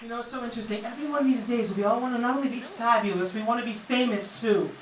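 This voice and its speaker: Talking quickly in a fairly high pitch, a woman works a comedy club stage with a brash, mocking stand-up routine. Each line lands with punch. The sound is distant, echoey and noisy, and the crowd can be heard laughing.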